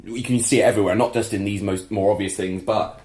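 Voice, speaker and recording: A man co-hosting a podcast, chatting casually, laughing often and throwing in quick asides. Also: lowish voice, steady tone, darkish tone, roomy sound. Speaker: podcast co-host. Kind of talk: casual chat.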